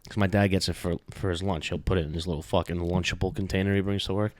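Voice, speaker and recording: A man's voice: low voice, flat delivery, fast talker, dry recording. A young man co-hosting a podcast, chatting casually, rambling with lots of filler words and swearing. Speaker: podcast co-host. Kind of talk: casual chat.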